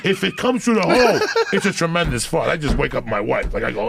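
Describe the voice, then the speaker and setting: Fifties male comic, raspy fry, swings wildly in pitch, brash and crude delivery. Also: a little fast, hardly any pauses, a crowd in the background. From New Jersey. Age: 50s. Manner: loud animated profane storytelling, bursts into laughter. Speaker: comedian guest. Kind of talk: casual storytelling.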